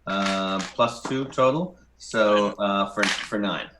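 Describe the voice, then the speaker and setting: A man playing a tabletop game, talking hesitantly with many pauses and fillers. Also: lowish voice, roomy sound, background noise. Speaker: player.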